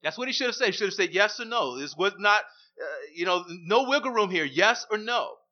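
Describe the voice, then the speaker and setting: High-voiced emphatic male preacher, lo-fi. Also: lively intonation, a little fast. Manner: emphatic, repeats key phrases. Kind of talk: sermon. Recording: dull lo-fi recording.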